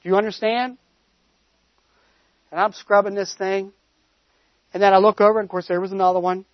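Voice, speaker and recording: High-voiced man preaching in a story style. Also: flat delivery, brisk, no echo, lo-fi sound. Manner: storytelling, conversational, with emphatic rising stresses. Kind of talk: sermon.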